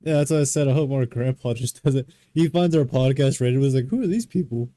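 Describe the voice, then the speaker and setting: A man co-hosting a casual podcast, teasing and throwing in quick jokes. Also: mid-range voice, steady tone, warm tone. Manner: teasing, wisecracking interjections. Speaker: podcast co-host. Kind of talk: casual chat.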